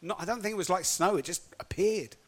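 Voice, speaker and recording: A man preaching a sermon in an animated storytelling manner, acting out quotes as he goes. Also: high voice, quick pace.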